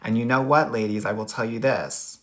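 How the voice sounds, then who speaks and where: A man's voice: medium pitch, fairly quick, a bit bright. A middle-aged man with a Valley Girl accent, a dating coach chatting sassily and campily with viewers on a live stream. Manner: sassy, campy, playful. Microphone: phone or laptop mic, livestream.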